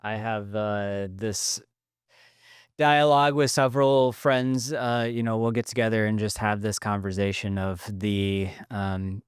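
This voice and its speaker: A man's voice: on the low side, fairly even intonation, measured pace, smooth, no room sound, clean studio sound. A man hosting a podcast interview, talking reflectively with some hesitations. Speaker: podcast host. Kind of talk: interview chat.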